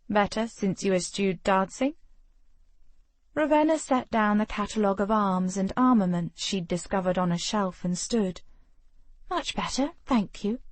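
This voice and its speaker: A woman narrating a romance audiobook in an even, expressive reading. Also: medium pitch, dry recording. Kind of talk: scripted narration.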